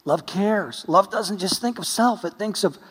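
A man's voice: sits high, a little slow, fairly bright tone, husky, big-room sound. A man preaching a sermon as pastor, telling stories earnestly with touches of light humor.

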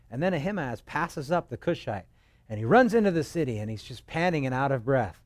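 This expository sermon comes from a pastor whose mid-range voice is expressive and fairly quick, recorded without room sound. He tells stories casually, tosses in jokes, and performs the quoted voices.

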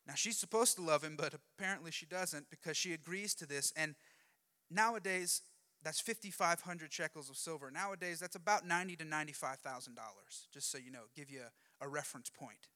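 A lively preacher with a high, bright, forceful voice, telling a story in a conversational, jokey way. His words ring out with a long hall reverb behind them. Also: brisk. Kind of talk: sermon storytelling.

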